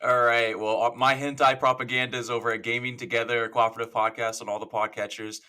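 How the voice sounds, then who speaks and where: A man's voice: medium pitch, level tone, fast, sharp tone, smooth. A man in his thirties, a podcast guest, talking in a crude joking way and laughing as he talks. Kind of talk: casual podcast chat.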